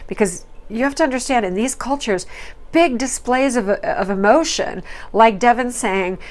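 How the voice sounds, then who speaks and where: A woman's voice: on the high side, moderate pace. A woman hosting a reality TV recap, talking in a chatty, opinionated way with fillers and quoted asides. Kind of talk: casual commentary.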